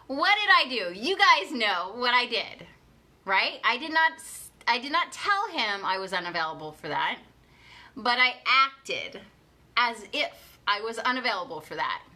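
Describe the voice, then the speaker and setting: Young female life coach, chatty live talk, bright tone, repeats herself. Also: mid-range voice. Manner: chatty, repeats herself, reads viewer comments aloud.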